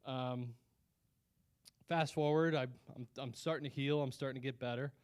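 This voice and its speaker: A man's voice: medium pitch, steady tone, normal speed, darkish tone, clear, resonant tone. Earnest man sharing a personal testimony. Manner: earnest, conversational storytelling with frequent restarts. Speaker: guest speaker at a Christian business lunch.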